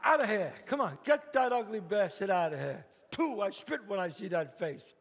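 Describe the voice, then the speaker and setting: A man playing a loud, bossy, profane mob boss in a one-man stage show. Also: high voice, sing-song, normal speed, vocal fry, exaggerated voice. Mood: urgent. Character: brash swaggering mob boss man, middle-aged. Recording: live stage, long reverb, faint ambience.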